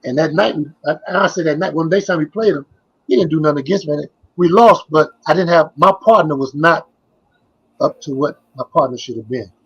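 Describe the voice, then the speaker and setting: Older male guest, high husky voice, rambling anecdotes with lots of repeats. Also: brisk, lo-fi sound. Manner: rambling, repeats phrases, trails off. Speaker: guest, former basketball player. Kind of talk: casual interview storytelling.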